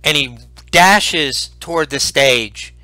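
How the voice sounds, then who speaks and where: A man narrating a tabletop role-playing game as game master, animated and full of restarts. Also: fairly high pitch, takes it slowly, dry recording, low-quality recording. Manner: animated, repeats words and restarts.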